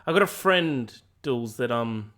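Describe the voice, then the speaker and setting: A man's voice: mid-range voice, animated, unhurried, a bit bright. A man hosting a podcast in a loose, jokey way, swearing freely. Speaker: podcast host. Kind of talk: casual chat.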